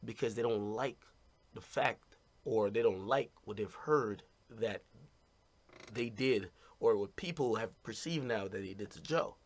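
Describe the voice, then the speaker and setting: A man's voice: on the low side, measured pace. A man talking casually and bluntly to his stream audience, rambling and repeating "you know what I mean".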